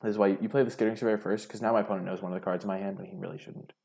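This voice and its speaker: Gravelly low-voiced man commentating a game. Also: steady tone, racing, a little mellow. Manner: chatty, self-critical, thinking aloud. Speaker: gaming streamer. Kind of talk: casual gameplay commentary.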